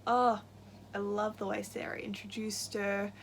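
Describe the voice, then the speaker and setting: A woman's voice: mid-range voice, a little slow. Young woman book vlogger, everyday mid-range voice, gushy and easily worked up, with a faint hiss behind her. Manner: gushing and excitable, laughs often, gets worked up. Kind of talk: casual book-tag vlog.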